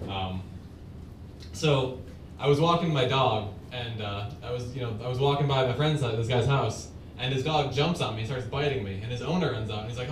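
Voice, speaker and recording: A man works through a stand-up bit in a loose, conversational way, with many fillers. He is heard from a distance in an echoey bar, and there is clear noise and rumble behind him. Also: normal speed. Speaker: stand-up comedian. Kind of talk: open mic stand-up. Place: small bar at open mic.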